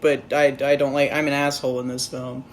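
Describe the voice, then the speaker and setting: A man's voice: medium pitch, flat delivery, fairly quick, a little hiss or hum, pitched below the performer's own voice, natural voice. A man voicing a curt, grumpy masked male vigilante.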